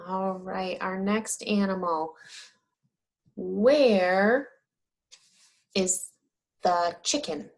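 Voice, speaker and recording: A woman teaching young children, asking questions about farm animals and answering them in a drawn-out, encouraging way. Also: mid-range voice, animated, darkish tone. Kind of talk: slow, sing-song teaching of young children.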